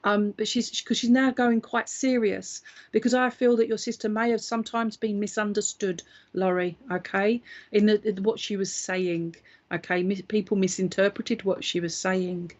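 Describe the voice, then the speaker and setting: A woman's voice: medium pitch, fairly even intonation, moderate pace, dull audio. A woman working as a psychic medium, giving a live reading in a chatty, reassuring way and often checking in with her listener.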